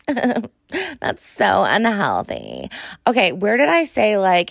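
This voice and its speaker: A young adult woman hosting a podcast, talking in a sassy, exasperated, animated way. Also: medium pitch, slow pace, vocal fry, dry recording, studio quality. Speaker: podcast host. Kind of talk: casual monologue.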